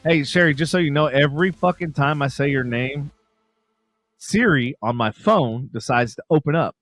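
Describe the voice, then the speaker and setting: A man's voice: fairly high pitch, normal speed, fairly bright tone, faint music behind. A man co-hosting a casual podcast, joking around and swearing freely. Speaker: podcast co-host. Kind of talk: casual live-stream chat.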